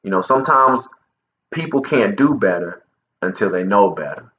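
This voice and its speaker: Man voicing a gentle wise wife, soft and low-key. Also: animated, normal speed, highs cut off, slight background noise.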